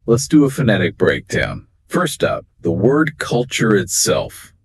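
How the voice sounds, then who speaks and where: A man co-hosts a scripted, two-host English exam lesson, explaining phrases and pronunciation in an emphatic, explanatory manner. His fairly low voice swings widely in pitch at an unhurried pace, with slight background noise.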